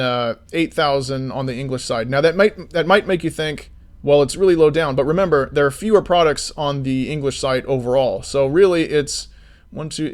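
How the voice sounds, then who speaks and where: A man streaming as an indie game developer, ranting with free swearing and then explaining things in casual chat. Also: mid-range voice. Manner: swears freely, animated ranting storyteller; slides into explanatory commentary.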